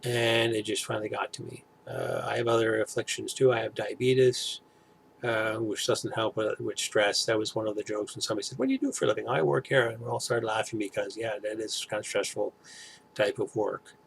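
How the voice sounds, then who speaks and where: Dude in his middle years, kinda gravelly voice, just rambling at the camera with lots of uhs. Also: lowish voice, animated, a little hiss or hum. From Toronto area, Canada. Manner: rambling, halting, many fillers and restarts. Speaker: vlogger. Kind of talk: casual chat to camera.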